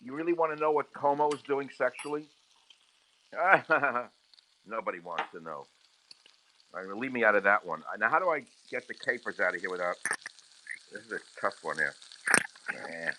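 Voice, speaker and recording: Forceful man ranting while he cooks. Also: lowish voice, expressive, normal speed, pauses often, slight background noise, rough recording. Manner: ranting, crude, heated asides while cooking. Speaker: host cooking on a livestream. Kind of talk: casual cooking livestream talk. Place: home kitchen. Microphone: handheld phone camera. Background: sizzling frying pan.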